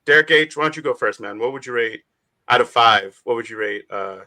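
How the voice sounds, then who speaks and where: A man's voice: medium pitch, a little fast, pushed and bright. A man hosting a casual panel discussion, laughing often and filling his talk with "like.". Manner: laughs often, heavy use of "like". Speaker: podcast host.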